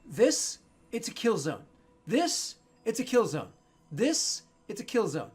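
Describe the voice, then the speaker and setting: A tense woman officer in a tabletop game, as a man puts her on, pitched high above his own voice and pushed loud. She hammers the same point over and over, blunt and alarmed. Her delivery is emphatic. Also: big pitch swings, normal speed, husky, full character voice. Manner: emphatic, repeating herself.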